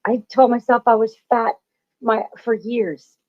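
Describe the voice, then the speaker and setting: Woman, spiritual talk host, emphatic and repetitive, swears freely, raised pitch, dull lo-fi audio. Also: fairly even intonation, measured pace.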